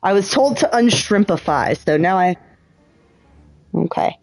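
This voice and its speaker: Woman streamer, casual thinking-aloud commentary, slow and lively-voiced, swears. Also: medium pitch, soft background music. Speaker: livestreamer.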